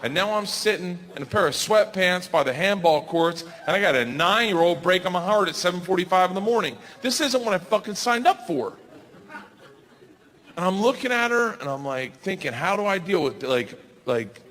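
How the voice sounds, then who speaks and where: A man in his forties from the United States, doing a stand-up comedy routine with loud, animated storytelling. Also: sits high, normal speed. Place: large theater stage. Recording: live in a large hall with crowd. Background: audience laughter and noise.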